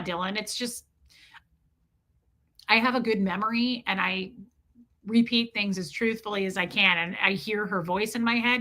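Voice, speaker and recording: Chatty, bright-voiced woman streamer. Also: medium pitch. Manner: chatty and animated, greets chat mid-story, heavy use of "like". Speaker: streamer and parent. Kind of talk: casual livestream storytelling.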